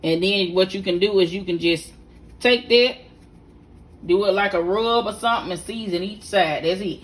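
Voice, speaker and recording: Speaking at a moderate pace in a medium-pitched voice, a middle-aged woman demonstrates a home cooking recipe from her kitchen. As a home cook and vlog host, she comes across as folksy, chatty and instructive, addressing viewers directly.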